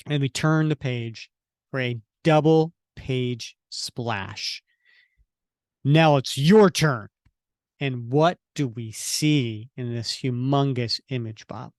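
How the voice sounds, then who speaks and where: A man's voice: mid-range voice, slow pace, no echo, studio quality. A man co-hosting a podcast, describing comic book panels and correcting himself as he goes. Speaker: podcast co-host. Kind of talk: comic book reading and discussion.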